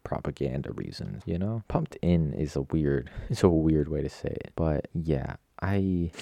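A man's voice: extremely low pitch, creaky, mellow, no echo. A young man hosting a podcast on his own, chatting casually at his desk in a rambling, digressive, self-mocking way. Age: young adult. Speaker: podcast host. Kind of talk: casual solo chat.

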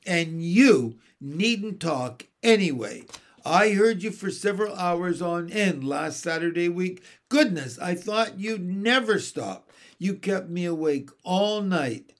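A man voicing a shrill, cheeky male starling who chatters and wheedles for food. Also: expressive, slow pace, full character voice. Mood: scolding. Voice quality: shrill, cockney-tinged.

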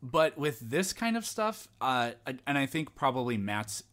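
A man chatting as a podcast guest, thoughtful and calm, often restarting his sentences. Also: mid-range voice, measured pace. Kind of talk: casual conversation.

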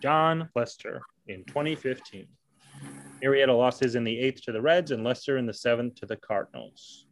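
A man's voice: medium pitch, normal speed. A man hosts a casual sports podcast in an ordinary, mid-range voice. He quizzes his co-host on trivia and teases him along the way. The tone stays loose and conversational.

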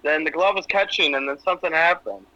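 A man's voice: a little high, fast talker, no room sound, muffled recording. A man co-hosting a podcast over a video call, cracking crude jokes in casual chat. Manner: joking, crude, animated. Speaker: podcast co-host.

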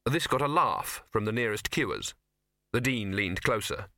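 A man's voice: on the low side, unhurried, dry recording, studio quality. A man reading a comic fantasy novel aloud as an audiobook narrator, giving each character a voice. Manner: lively, voices many characters. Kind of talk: scripted narration.

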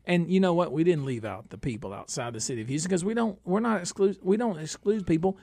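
A man hosting a comedic radio talk show, boisterous and jumping between loud bursts and low asides. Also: fast talker, gravelly. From Northeast Texas.

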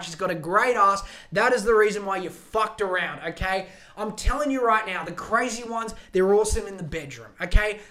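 A man's voice: high voice, bright, forceful tone. A man hosting a podcast alone, ranting in a profane, rambling, emphatic way. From Australia. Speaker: podcast host. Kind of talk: solo podcast rant.

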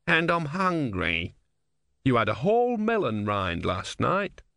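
A man's voice: mid-range voice, huge pitch swings, slow pace, creaky, sharp tone, no echo, clean studio sound, voice pushed up, heavily acted. A man voicing a small, grumpy god trapped as a tortoise, talking sarcastically and complaining in an audiobook. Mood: peevish. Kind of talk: audiobook character voice.

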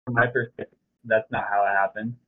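A man's voice: lowish voice, level tone, fairly quick. A young man, a podcast co-host, talking in a laid-back way on a casual chat show. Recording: tinny phone-like sound with faint hiss.

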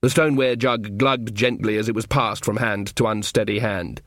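A man's voice: on the low side, fairly even intonation, moderate pace, a bit bright, dry recording. A man giving the scripted narration of an audiobook in a wry, dry storytelling manner.

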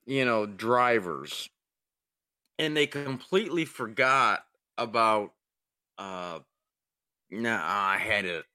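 Man, easygoing, unhurried, bright tone, lively pitch, podcast co-host. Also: clear, resonant tone. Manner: easygoing, asks questions, searches for words. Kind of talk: casual chat.

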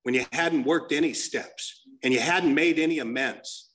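A man's voice: fairly high pitch, normal speed. A man telling blunt, profane stories as he shares with a recovery group. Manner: profane, blunt, animated storyteller. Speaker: speaker sharing at a recovery meeting.

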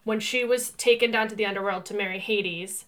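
A woman co-hosting a podcast in casual chat, telling stories in a rambling, animated way and often filling with "like.". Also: mid-range voice, fairly quick. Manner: chatty and rambling, heavy use of "like"; animated storyteller who laughs through her telling. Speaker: podcast co-host.

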